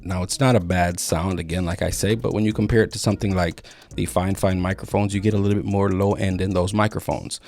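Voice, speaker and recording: Casting note: deep-voiced man, relaxed tech reviewer, faint music underneath. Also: vocal fry. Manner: relaxed, explanatory, repeats words while thinking. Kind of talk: casual product review. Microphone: studio microphones being compared.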